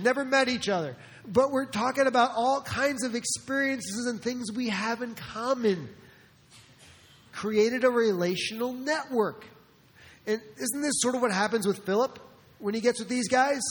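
High-voiced pastor preaching in a reverberant hall. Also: male voice, fairly bright tone, breathy edge. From New Jersey. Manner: conversational, joking asides, acts out quotes. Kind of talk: sermon.

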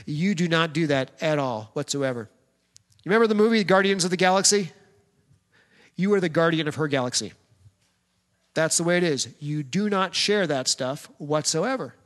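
A man's voice: a little high, a bit bright. A pastor preaching a sermon in a direct, plain-spoken way, speaking straight to the men in his congregation. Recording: long hall reverb.

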